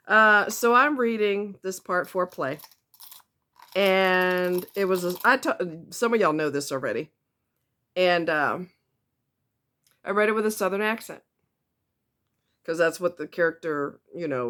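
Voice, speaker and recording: A woman from the northeastern United States, talking casually to camera as a self-help vlogger, chatty and quick to laugh, repeating words for emphasis. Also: lowish voice, sharp tone.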